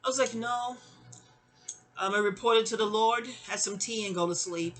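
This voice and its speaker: Woman in her fifties, bright tense voice, digressive storytime, animated exclamations. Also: medium pitch, moderate pace. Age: 50s. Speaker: vlogger. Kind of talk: rambling storytime monologue.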